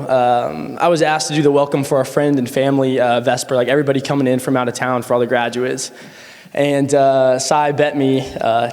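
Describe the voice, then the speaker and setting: A young man, a friend of the groom, giving a casual wedding toast full of fillers and stories in a reception hall. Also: a little high. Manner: casual, rambling, with many fillers and laughs. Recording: echoey hall sound.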